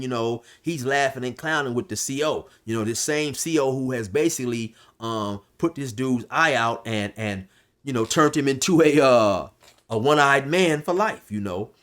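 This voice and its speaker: A man casually telling a long prison story, rambling with restarts and fillers. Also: mid-range voice. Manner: loose, rambling, restarts, shouts when quoting others. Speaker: storyteller recounting prison life.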